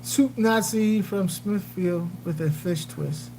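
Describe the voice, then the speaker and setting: A woman's voice: medium pitch, slow pace, a little hiss or hum, poor audio. A woman hosting a casual livestream chat, rambling, joking and answering viewer comments with lots of fillers. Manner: animated, jokey, trails off with fillers. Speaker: aquarium channel livestream host.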